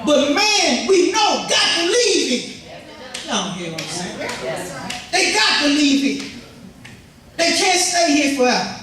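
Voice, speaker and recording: A male pastor preaching an animated sermon with call-and-response. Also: extremely high pitch, unhurried, pauses often, a crowd in the background. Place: church sanctuary. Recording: echoey church from far off, congregation audible.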